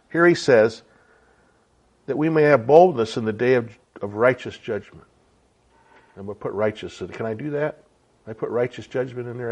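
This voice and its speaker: A man's voice: mid-range voice, highs cut off. A man giving an informal sermon as a Bible teacher, chatty and conversational, often checking in with rhetorical questions.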